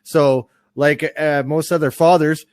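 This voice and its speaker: A man's voice: fairly high pitch, fairly even intonation, measured pace, clear, resonant tone, no echo, clean studio sound. A man guest speaking in a plain, indignant way on a talk show. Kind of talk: casual talk-show chat.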